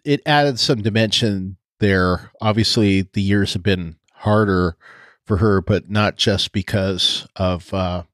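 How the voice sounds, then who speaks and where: A man's voice: sits low, takes it slowly, a bit bright, no echo, studio quality. A man co-hosting a podcast, chatting casually, laughing often and trailing off with fillers. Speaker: podcast co-host.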